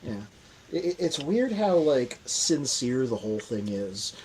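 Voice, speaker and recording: A man's voice: mid-range voice, sing-song, measured pace, crowd noise, low-quality recording. A young man co-hosting a casual podcast chat, stammering through his openings and laughing at his own remarks. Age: young adult. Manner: stammering, self-amused. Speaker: podcast co-host.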